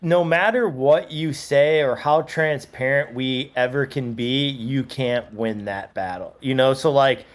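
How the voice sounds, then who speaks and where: A man chatting casually on a podcast, animated and loose, full of "dude" and "you know.". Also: medium pitch, a little slow, hardly any pauses. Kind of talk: casual chat.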